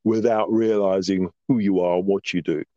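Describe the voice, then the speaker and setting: A man as a podcast guest telling stories in a casual interview, animated and emphatic, often checking in with "right?". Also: low-pitched, normal speed, no echo, lo-fi sound.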